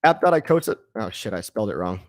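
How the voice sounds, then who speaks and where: A man's voice: fairly low pitch, very animated, quick pace, no echo, clean studio sound. Rambling jokey man hosting a live stream. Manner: rambling, jokey, swears casually. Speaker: crypto live stream host. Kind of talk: casual live stream chat reading comments.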